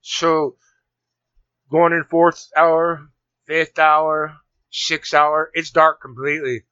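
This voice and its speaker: A man telling a long story in casual conversation, rambling and animated, with many restarts. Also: on the high side, slow, smooth, dry recording. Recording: dull lo-fi sound.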